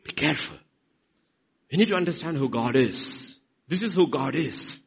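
A middle-aged man with an Indian accent preaching a sermon, swinging between loud emphasis and soft asides. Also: fairly high pitch, animated, normal speed, creaky, breathy edge, low-quality recording. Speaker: pastor.

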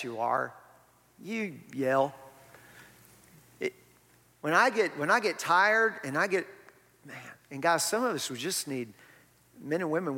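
A man's voice: fairly high pitch, a bit bright. A man, preaching a sermon in a conversational way and tossing rhetorical questions to the congregation. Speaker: pastor. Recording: long reverb of a church hall.

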